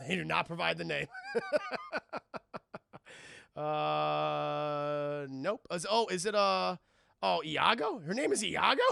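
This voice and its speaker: A man's voice: a little high, gravelly, sharp tone, clean tone, no echo, studio quality. A young man streaming a comedic cartoon episode recap, irreverent and profane, talking to his chat.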